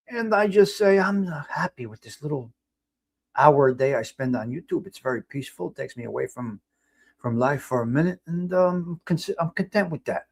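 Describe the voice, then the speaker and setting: A man hosting a casual live stream, talking in a blunt, rambling way with frequent restarts. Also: a little high. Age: 50s. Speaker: host.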